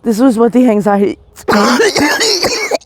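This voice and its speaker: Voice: medium pitch, very animated, takes it slowly, breathy edge. A vlogger, panicky and short of breath, coughing and pleading in a shaky confessional vlog recorded on a phone while walking down a residential street outdoors.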